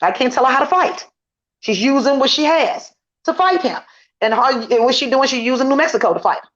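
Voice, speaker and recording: Her high-pitched, expressive voice runs a little fast as she guests on a casual online commentary chat. The middle-aged woman is indignant, hammering her points emphatically and repeating them, recorded in dull, lo-fi sound.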